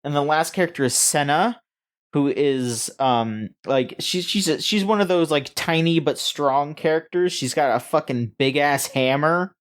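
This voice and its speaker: A man co-hosting a casual gaming news podcast, rambling and halting with frequent restarts and fillers. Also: on the high side. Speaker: podcast co-host.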